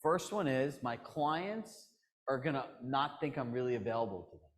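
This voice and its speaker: A man coaching real estate agents at a live workshop. He talks in an animated way and acts out the people in his stories. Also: medium pitch, moderate pace. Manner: animated storyteller, acts out quotes. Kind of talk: workshop teaching.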